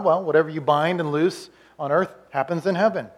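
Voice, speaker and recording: A male pastor delivering a sermon in a voice pitched a bit above average. He pushes hard and loud on his points, then drops to a quiet, confiding tone, often restarting words as he goes. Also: fairly quick. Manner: swings between loud urging and quiet confiding, with frequent restarts.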